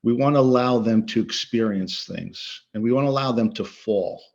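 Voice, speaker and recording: A middle-aged coach and guest speaker talks earnestly and emphatically in an interview, often repeating words for stress. His mid-range voice is creaky and a little mellow at a normal speed, on slightly dull lo-fi audio.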